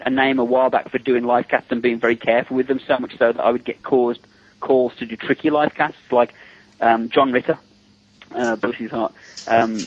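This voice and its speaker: A middle-aged man, a special effects makeup artist, telling amused anecdotes as an interview guest and often laughing between them. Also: medium pitch. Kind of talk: casual anecdotal storytelling. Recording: dull lo-fi recording.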